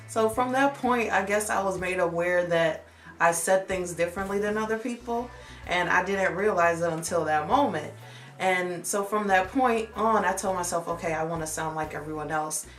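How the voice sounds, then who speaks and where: Young woman, vlog story time, reflective and candid, lowish voice, roomy echo. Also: normal speed, faint music behind. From United States. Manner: candid, reflective, animated when retelling. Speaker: vlogger.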